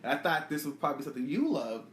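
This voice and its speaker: Fast-talking man in an echoey room. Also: on the high side, expressive, a little hiss or hum. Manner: rapid, profane comic-book recap. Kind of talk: casual podcast chat.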